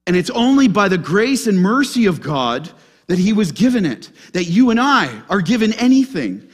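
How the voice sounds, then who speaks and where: Guy pastor preaching in church, high voice, swings way up and down, keeps asking the room stuff. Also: moderate pace, slightly rough. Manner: animated preaching, asks the congregation questions. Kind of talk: sermon.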